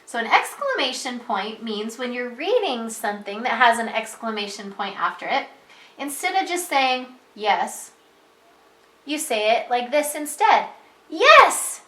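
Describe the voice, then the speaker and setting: Slow, bright-voiced preschool teacher woman. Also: on the high side, reverberant. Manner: slow, patient, sing-song teacher voice with excited exclaiming. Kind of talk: reading lesson for young children.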